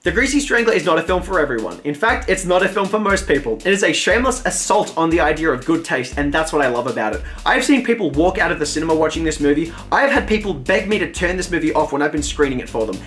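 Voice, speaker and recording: Guy doing a film review, talks fast and kinda high, bouncy voice, faint music behind. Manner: animated, wry, quick delivery. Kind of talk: scripted review narration.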